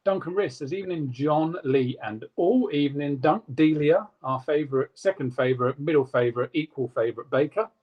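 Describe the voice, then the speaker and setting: A man co-hosting a casual live stream, reading out viewer comments in a quick, jokey way. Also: on the high side, muffled recording. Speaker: co-host reading live chat.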